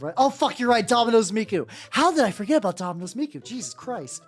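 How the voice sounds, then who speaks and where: Lively rambling woman streamer. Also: on the high side, fast talker, few pauses. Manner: rambling, self-deprecating. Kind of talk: casual stream chat while painting miniatures. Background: faint background music.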